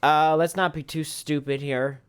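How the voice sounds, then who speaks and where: A man with a higher-pitched, clear and resonant voice speaks at a measured pace with fairly even intonation. He's casually commentating a let's-play stream, reading the on-screen text aloud and poking fun at himself.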